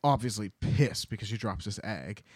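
Young male co-host, animated storyteller, swears freely, dry recording. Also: lowish voice, normal speed, breathy edge, no room sound. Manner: animated, swearing, acts out lines. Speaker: podcast co-host. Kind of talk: casual chat retelling a book.

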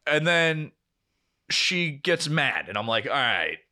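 Slow but animated, this young man's voice sits on the high side, bright and forceful. He's co-hosting a podcast and telling a long, rambling, profane story in casual chat, performing all the quoted dialogue himself.

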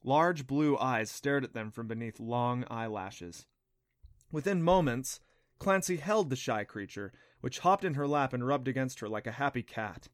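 A man narrating a children's adventure audiobook in a steady, clear storytelling voice. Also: mid-range voice, unhurried, dry recording, clean studio sound. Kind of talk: scripted narration.

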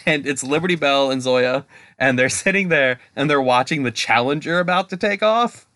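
A man's voice: medium pitch, animated, moderate pace, pushed and bright. A man, co-hosting a podcast in rambling, casual chat and laughing often. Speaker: podcast co-host.

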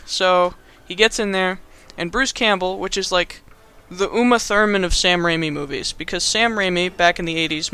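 A man's voice: a little high, bright, forceful tone, smooth. Young man rambling through a movie recap. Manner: rambling, filler-heavy, laughs often. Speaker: podcast host.

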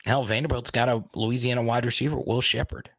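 A man's voice: medium pitch, fairly even intonation, brisk, a bit bright, dry recording. A young adult man hosting a casual sports talk show, rambling and thinking aloud, openly frustrated.

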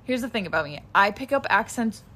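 A woman's voice: a little high, lively intonation, a little fast, pushed and bright, slight background noise. Young woman chatting outdoors, rambling. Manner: rambling, filler-heavy storytelling. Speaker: podcast co-host. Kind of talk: casual chat. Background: birds chirping.

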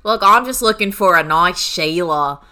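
A woman's voice: fairly low pitch, expressive, normal speed, pushed and bright. A woman voicing a brash, cheerful Australian man in an overdone, jokey mock Australian accent. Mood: cocky.

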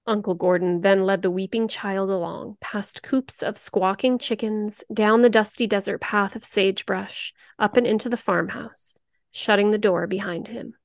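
A woman co-hosting a true-crime podcast, reading the story in a steady, grim narration. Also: medium pitch, normal speed, creaky, no room sound, studio quality. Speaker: podcast co-host.

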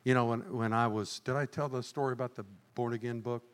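An older man preaching a sermon as pastor, swinging from low, quiet remarks to high, shouted lines. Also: steady tone, fast talker, clear, resonant tone. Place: church sanctuary. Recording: church hall reverb.

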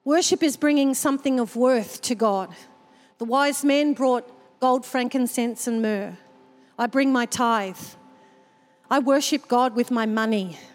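A woman pastor with a high voice preaches a sermon at an unhurried pace and tells personal stories with open emotion. Her voice rings out with a long reverb from the church hall. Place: church service.

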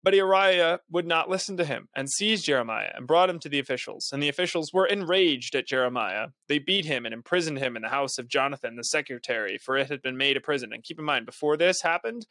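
A young man with a slightly high voice reads scripture aloud in a podcast. He stops often for earnest, casual asides on what he has read. The recording is dry and close, with no room sound. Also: fast talker, fairly bright tone, dry recording. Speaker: podcast host. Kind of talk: Bible reading with commentary.

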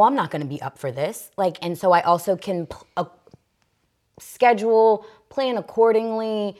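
Low-voiced chatty young woman co-host. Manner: chatty storyteller, profane, halting with fillers. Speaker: podcast co-host. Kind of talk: casual chat.

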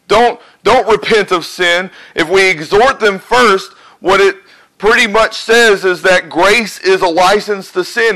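A high-pitched man with a sharp tone preaches a conversational sermon to a live church congregation, often posing questions and answering them himself. The audio quality is poor.

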